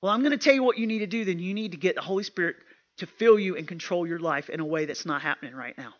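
A woman's voice: lowish voice, lively intonation, quick pace, dull audio. A woman speaking at a women's retreat, preaching emphatically and often repeating herself in a plain, homespun way. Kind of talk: sermon.

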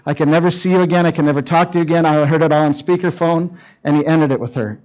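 A man's voice: fairly high pitch, fairly even intonation, fast talker, a little mellow, dull audio. A middle-aged male pastor preaching to teenagers, telling a story and acting out the dialogue with urgency. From Canada. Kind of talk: sermon to teenagers.

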